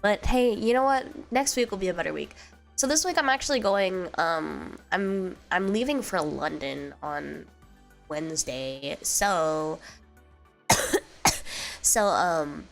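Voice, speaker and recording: A woman's voice: lowish voice, lively intonation, slow, vocal fry, soft background music. A young woman with a cold streaming casual chat, stuffy and nasal, bubbly and rambling. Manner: bubbly, rambling, switches between English and Japanese. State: congested from a cold.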